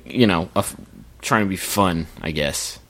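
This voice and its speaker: A man's voice: deep voice, a little slow, a bit bright. A man co-hosting a comedy podcast, riffing and joking with casual profanity. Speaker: podcast co-host.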